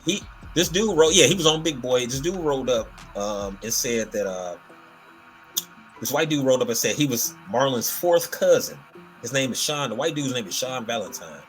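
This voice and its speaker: A man's voice: mid-range voice, normal speed, soft background music. A man hosting a casual comedy podcast, retelling a story with lots of fillers and restarts. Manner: animated, rambling storytelling with many fillers. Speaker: podcast host.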